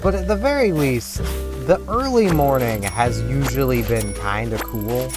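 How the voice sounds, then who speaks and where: A man rambles through casual gaming commentary, scattered and restarting often. His pitch moves in lively swings. Game music plays clearly underneath. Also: a little slow. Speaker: gaming vlogger.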